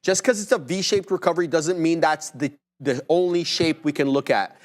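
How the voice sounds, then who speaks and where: A man co-hosting a live trading stream, explaining his chart reads in a measured, patient way. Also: a little high. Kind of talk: live market commentary.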